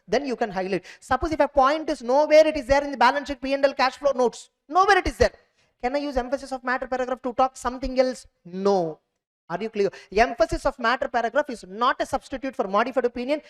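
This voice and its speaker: A man giving an exam revision lecture on auditing, repeating points and checking "clear?" with students. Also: very high voice. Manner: repetitive, quizzing students with "clear?".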